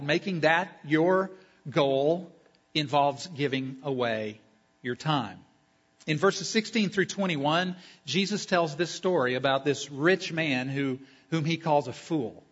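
A man preaching a sermon as a pastor at a church service. He talks emphatically, builds long spoken lists and slows down on key phrases. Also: fairly high pitch, slightly rough, lo-fi sound.

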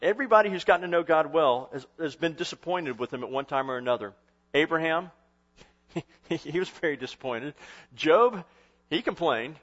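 A man delivering a sermon, his voice sitting a little higher than most men's. He speaks conversationally, building up and then dropping back, with frequent restarts. The recording is dull and lo-fi. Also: animated, normal speed, a bit bright. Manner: conversational, rising and falling in intensity with short restarts. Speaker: pastor.

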